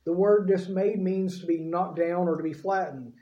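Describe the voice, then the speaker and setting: A man with a fairly high, mellow voice delivers a sermon in a relaxed, conversational way, often checking in with the people listening. He sounds like he is in a church sanctuary, with a roomy echo around him. The recording itself is dull and lo-fi. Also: normal speed. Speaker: pastor. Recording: echoey room, dull lo-fi sound.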